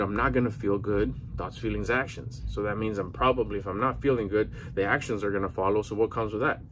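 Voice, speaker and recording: A man's voice: lowish voice, a bit bright, a little hiss or hum. A man in his forties giving rambling, earnest motivational talk to camera, a little out of breath after a workout. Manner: rambling, earnest, with slang and restarts. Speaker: vlogger.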